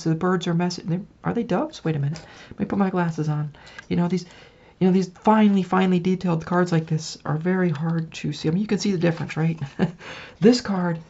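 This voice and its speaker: A woman's voice: fairly low pitch, dark tone, dull audio. A woman giving a casual spiritual tarot reading, chatty and often checking in with the listener. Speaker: tarot reader.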